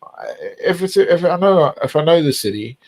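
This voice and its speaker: A man's voice: on the high side, lively intonation, normal speed, darkish tone, rough recording. A man chatting casually, rambling and repeating himself, swearing often. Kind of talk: casual chat.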